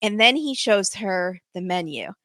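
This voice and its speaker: Brief: a podcast guest woman, chatty and animated, mid-pitched, dry close handheld mic. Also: unhurried, dry recording. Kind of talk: casual chat recapping a show. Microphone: handheld microphone.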